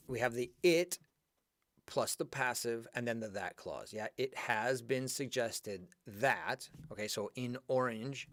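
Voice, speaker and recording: A man teaching an online English grammar lesson, talking to students by name in a chatty, animated way. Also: medium pitch, a little hiss or hum.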